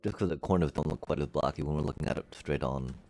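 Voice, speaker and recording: A man streaming a building game, musing aloud to his chat in a relaxed way and making playful beep-boop noises as he works. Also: a bass voice, quick pace, no echo, soft background music. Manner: chatty, musing aloud, makes beep-boop sound effects. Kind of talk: casual gameplay commentary to live chat.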